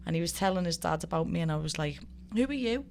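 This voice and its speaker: As a guest in an informal conversation, a woman in her thirties, a professional fighter from Liverpool with a Scouse accent, tells vivid stories, swears freely and acts out quotes. Her deep, gravelly voice comes rapid-fire over slight background noise.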